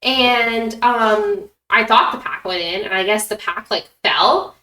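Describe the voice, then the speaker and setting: A woman's voice: mid-range voice, unhurried, bright, forceful tone. A woman in casual chat, telling stories with many "like" fillers. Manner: chatty, lots of "like" fillers. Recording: echoey room, distant mic.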